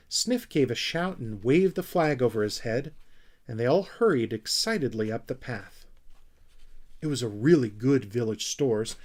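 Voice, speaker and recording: Expressive man reading a storybook. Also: medium pitch. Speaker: audiobook reader. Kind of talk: storybook narration.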